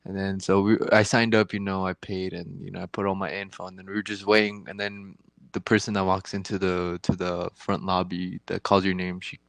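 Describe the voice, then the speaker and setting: A man's voice: deep voice, completely flat delivery, brisk, vocal fry, dry recording. A young man telling a crude story in casual chat as a podcast co-host, rambling and profane, often laughing.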